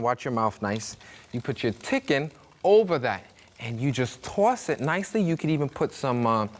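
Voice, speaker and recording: A man with a Brooklyn accent hosts a cooking show, chatting and joking as he cooks. His voice sits a bit high for a man. Food sizzles in a pan behind him. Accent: New York (Brooklyn). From Brooklyn, New York. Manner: chatty, jokey storyteller, acts out voices in anecdotes. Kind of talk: casual cooking demonstration.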